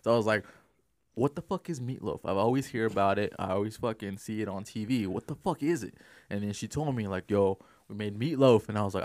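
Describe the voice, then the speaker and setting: A man's voice: lowish voice, fairly quick, a little mellow, no echo, studio quality. A young man telling a casual, swear-filled story in a laid-back way, often laughing.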